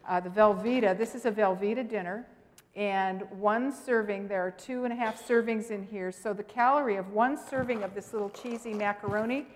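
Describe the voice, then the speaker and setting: Woman seminar presenter, emphatic and animated, long hall reverb. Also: mid-range voice, fairly quick, slight background noise. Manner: emphatic, animated, talks to the audience directly. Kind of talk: lively teaching with personal stories.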